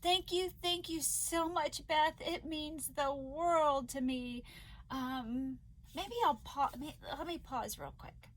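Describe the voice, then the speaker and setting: Woman, middle-aged, high pitch, slow delivery, emotional fatigued vlogger, faint background hiss. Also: low-quality recording. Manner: emotional, laughs often and tears up. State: fatigued from an illness flare. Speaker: crochet vlogger. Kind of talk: casual vlog chat.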